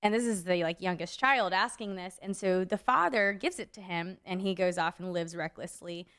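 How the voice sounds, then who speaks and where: A woman's voice: on the low side, moderate pace, fairly bright tone. A young adult woman co-hosting a faith podcast, telling a story in a rambling casual way, full of "like" fillers. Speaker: podcast co-host.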